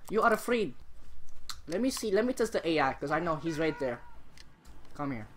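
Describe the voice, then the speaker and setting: A young man with a cold, hosting a gaming channel and giving excitable, chatty let's-play commentary while talking to the game. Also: fairly high pitch, normal speed, slight background noise. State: under the weather, coughing.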